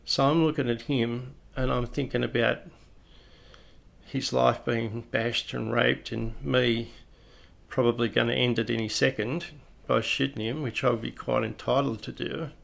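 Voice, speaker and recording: A man's voice: medium pitch, fairly even intonation, measured pace, vocal fry, fairly bright tone. An Australian man who is a police officer, telling a personal story in a plain-spoken, reflective, conversational way.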